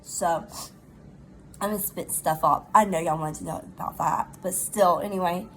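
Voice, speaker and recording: A middle-aged woman, chatting casually in a rambling, animated storytime while recovering from pneumonia. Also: fairly low pitch, moderate pace, slight background noise, rough recording. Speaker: vlogger.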